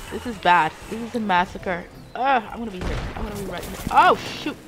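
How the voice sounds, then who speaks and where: A young woman commentating her live game stream, muttering quietly and then yelling at teammates. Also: medium pitch, a little fast, few pauses, slight background noise. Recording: game music behind voice.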